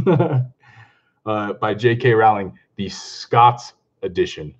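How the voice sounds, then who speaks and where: A talkative man hosts a casual live stream and keeps greeting viewers between laughs. His voice sits on the low side and comes through with a dull, lo-fi recording. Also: very slow. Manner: excitable and chatty, greets viewers, laughs often. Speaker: comic book vlogger hosting a live stream.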